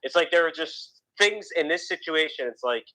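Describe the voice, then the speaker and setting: A man's voice: a little high, expressive, moderate pace, sharp tone, poor audio. A man co-hosting a casual radio podcast, rambling gloomily with many restarts and fillers, with a faint East Coast accent. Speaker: podcast co-host. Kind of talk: casual chat.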